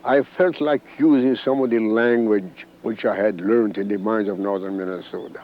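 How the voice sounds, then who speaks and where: A man's voice: on the low side, steady tone, moderate pace. An older man from Corsica, a former congressman, telling his own story in an oral history interview and acting out the dialogue he quotes. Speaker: former congressman recalling events. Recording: dull archival interview tape.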